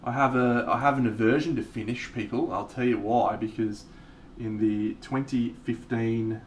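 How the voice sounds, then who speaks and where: A man's voice: medium pitch, steady tone, normal speed. An Australian man streaming live, chatting casually with viewers, swearing freely and laughing often. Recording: distant mic, faint background noise.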